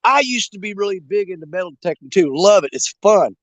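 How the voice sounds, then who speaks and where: A man's voice: sits high, lively intonation, fast, no echo. An older man hosting a fishing live stream outdoors, joking with his viewers and laughing often in casual, rambling chat. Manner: jokey and rambling, laughs a lot. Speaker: fishing channel host. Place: outdoors at a creek.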